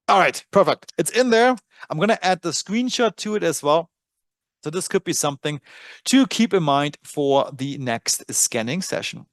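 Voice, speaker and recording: A man's voice: on the high side, big pitch swings, normal speed, no echo, studio quality. A man with a German accent hosting a live trading webinar, talking casually and thinking aloud with frequent fillers. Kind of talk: live screen-share webinar.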